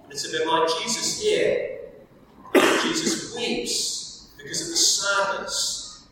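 A man preaching a sermon in a warm, conversational way, mixing Bible reading with personal stories. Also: high-pitched, wildly swooping pitch, slow pace. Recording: echoey hall, distant mic, faint noise.

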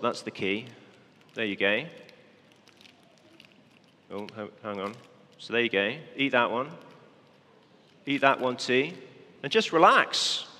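Guiding young volunteers through a parable they perform on stage, a man delivers a children's sermon. He speaks in a mid-range voice that sounds pushed and bright, with a big-room sound.

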